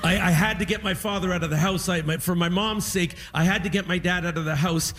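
A male comedian telling a stand-up story, animated and self-deprecating with quick asides. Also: high-pitched.

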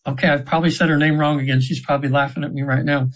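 He talks very fast with a flat delivery, his voice sitting on the high side, and the recording is rough. The speaker is a man in his 70s, a hypnotherapist guesting on a casual interview, earnestly meandering through session stories with many restarts.

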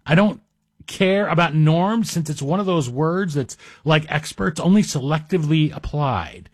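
A man's voice: on the high side, measured pace, dry recording. A middle-aged man guest-hosting a talk radio show, delivering a chatty monologue with wry, self-deprecating asides. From Greek heritage. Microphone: studio microphone.

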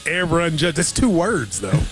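A man hosts a relaxed sports betting segment with a high, animated voice. He jokes and runs off on playful tangents. Soft music plays underneath. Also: unhurried. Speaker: radio show host. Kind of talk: casual sports betting chat.

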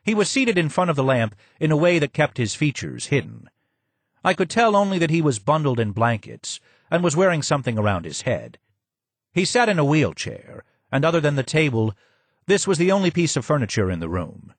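A man reading a first-person audiobook in a measured, descriptive way. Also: on the high side, big pitch swings, dry recording. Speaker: audiobook narrator. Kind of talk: scripted first-person narration.

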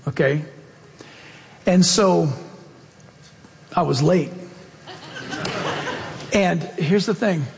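A man preaching from a pulpit, his voice sitting notably high for a man. He tells stories with lively, animated delivery, and long reverb trails after each phrase, as in a large hall. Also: extremely slow, gravelly, long pauses. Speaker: pastor. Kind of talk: sermon.

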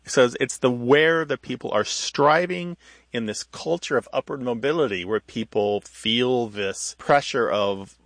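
A man's voice: medium pitch, a little slow, a bit bright, dry recording. A male radio co-host explaining how words become vulgar, thoughtful and patient, with small restarts. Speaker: radio show co-host, language expert.

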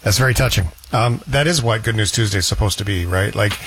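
A man's voice: lowish voice, fast, a bit bright, slightly rough. A man hosting a casual chat, reflective and easygoing. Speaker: host.

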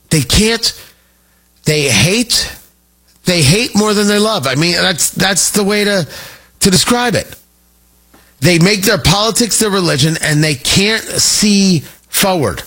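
A man's voice: high voice, animated, slow pace, bright, forceful tone. A man hosting a radio talk show, talking in an emphatic, sarcastic way about politics.

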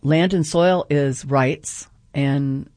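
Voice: medium pitch, steady tone, drawn-out words, a little mellow, no echo. Earnest radio guest explaining at length. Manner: earnest, explaining, often checks in with "right?". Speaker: radio guest, group organizer. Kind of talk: explanatory radio interview talk.

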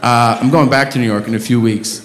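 A man doing a stand-up comedy set on a club stage, profane and prone to loud ranting bursts. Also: medium pitch, fairly even intonation, a little fast. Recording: roomy club sound with noise.

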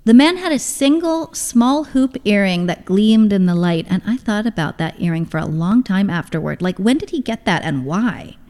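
A woman reads a first-person story aloud in a wry, reflective tone. Her voice has a middling pitch and carries a long, echoing reverb, like a recording made in a large hall. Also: expressive, normal speed, few pauses, a little mellow. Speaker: reader.

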